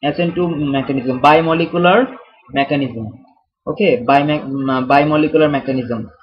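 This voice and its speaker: A man's voice: on the high side, normal speed, breathy edge. A man teaching a chemistry tutorial while he writes. He talks casually, stumbles over and restarts words, jokes at his own expense and calls viewers "fellas.". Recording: dull lo-fi sound.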